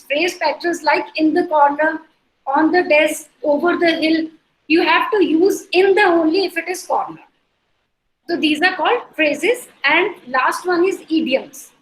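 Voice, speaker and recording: A woman with an Indian accent teaching an online lecture over a video call, explaining through repeated examples and checking that students follow. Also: extremely high pitch. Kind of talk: online lecture mixing in Hindi. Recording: echoey room.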